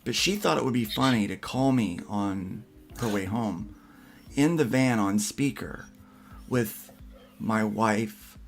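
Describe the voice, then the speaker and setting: A man's voice: on the low side, slow pace, creaky, faint music behind. A man hosting a casual livestream podcast, telling a rambling family story full of restarts. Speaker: podcast host.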